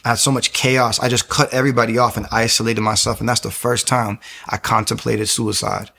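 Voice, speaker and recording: A man in his twenties telling his personal testimony in an earnest, emotional way, halting often and restarting his sentences. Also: medium pitch, level tone, gravelly, pushed and bright, slightly rough. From New York area.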